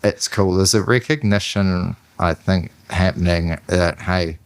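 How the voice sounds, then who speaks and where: A man's voice: deep voice, measured pace, clean tone, dry recording. A man with a New Zealand accent hosting a podcast, sharing earnest and enthusiastic opinions in a rambling, casual way. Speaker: podcast host. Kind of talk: casual chat.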